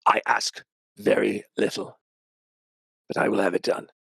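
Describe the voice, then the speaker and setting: A man voicing a menacing male dark lord who reads out a soul contract and threatens its bearer. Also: on the low side, little pitch movement, measured pace, vocal fry, slightly rough, no room sound, full character voice. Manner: pompous, then coldly threatening.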